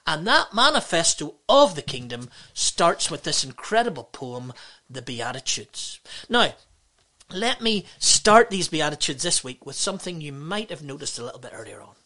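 Woman pastor giving a sermon, lowish voice that swoops all over, big emphatic exclamations. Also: very animated, moderate pace, pushed and bright. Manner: emphatic, exclamatory preaching with rhetorical questions.

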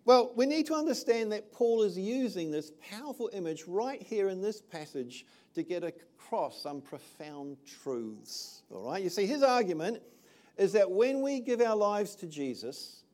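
Older male pastor from New Zealand, high voice, casual sermon delivery. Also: sing-song, moderate pace, darkish tone. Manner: conversational, checks in with "all right?".

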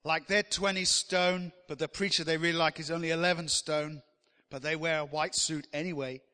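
A man's voice: fairly high pitch, fairly even intonation, normal speed, bright, forceful tone, big-room sound. A man preaching a sermon in a chatty, joking way, teasing the congregation.

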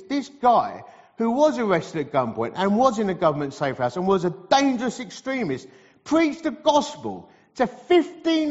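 A middle-aged man, preaching a sermon as a lively, humorous storyteller in a large hall. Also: high-pitched. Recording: reverberant hall, slightly dull sound.

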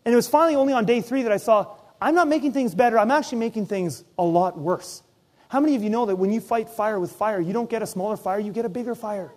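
A man preaching a sermon as pastor, telling personal stories with lively, acted-out asides. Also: high voice, fast talker. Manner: animated storytelling, acts out his own inner voice.

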